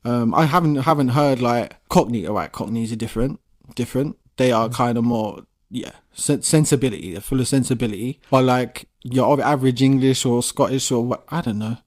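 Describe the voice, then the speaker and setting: A man's voice: medium pitch, fairly quick, darkish tone. Profane, rambling male podcast co-host. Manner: rambling, profane, laid-back banter. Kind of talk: casual chat.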